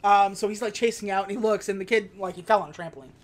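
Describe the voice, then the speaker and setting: A woman co-hosting a relaxed podcast chat. She retells a movie plot in a loose, rambling way, with fillers and short acted-out quotes. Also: medium pitch, fast. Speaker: podcast co-host. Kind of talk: casual movie recap chat.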